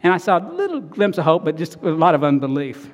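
Married pastor preaching in a reverberant hall. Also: male voice, a little high, sing-song, fast talker. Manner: earnest, storytelling, swings between loud and soft. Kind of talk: sermon.

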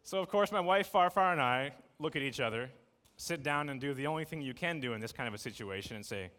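A man in his thirties giving a casual, jokey sermon to a congregation, telling stories in a lively, conversational way. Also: mid-range voice, fast talker. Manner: conversational, jokey, animated storytelling. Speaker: preacher. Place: church sanctuary. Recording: long reverb of a church hall.

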